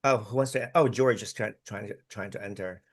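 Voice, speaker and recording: A man's voice: lowish voice, fairly quick. A man hosting a casual group video chat, chatty and reading out viewer comments. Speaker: livestream host. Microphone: video call.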